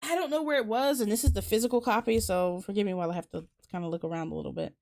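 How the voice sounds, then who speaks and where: A woman chatting casually on her stream at a middle pitch. Her talk is candid and loose, full of fillers and restarts, with the occasional swear word. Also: racing, creaky, a little mellow. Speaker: streamer hosting a book talk. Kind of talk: casual chat.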